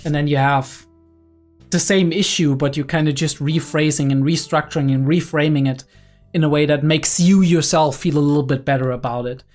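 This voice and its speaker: Excited young man breaking down anime. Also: fairly high pitch, normal speed, soft background music. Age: young adult. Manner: excited, analytical, frequent "right?" and "like" fillers. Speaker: anime reaction creator. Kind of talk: casual reaction commentary.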